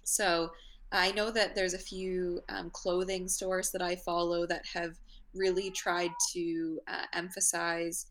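Lower-voiced woman in casual chat. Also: flat delivery, slow, a bit bright. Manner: thoughtful, with many fillers. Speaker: podcast co-host.

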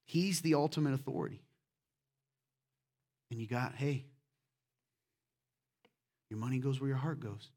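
A pastor with a mid-range voice preaches a sermon a little slowly, pausing often. He's conversational and full of questions to the congregation, swinging between loud, emphatic points and quiet asides.

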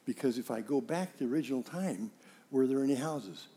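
A middle-aged man preaching a sermon, telling stories and acting out dialogue with animated emphasis. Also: mid-range voice, a little fast. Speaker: pastor.

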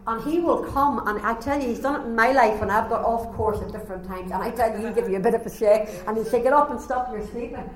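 A woman preaching a sermon, telling a story with animated delivery and acting out the voices. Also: on the high side, fast, few pauses. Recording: echoey room, faint ambience.

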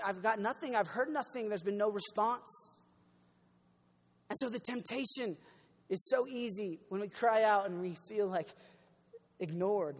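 Animated young preacher in a reverberant hall. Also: male voice, high-pitched. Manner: conversational, animated, acts out voices, swings from loud to quiet. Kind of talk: sermon.

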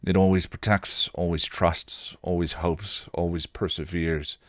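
Man putting on a hushed sly vampire with a patchy British accent. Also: low-pitched, level tone, unhurried, no echo, studio quality. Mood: tender. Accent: British, only in patches. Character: wry male vampire, sardonic charmer.

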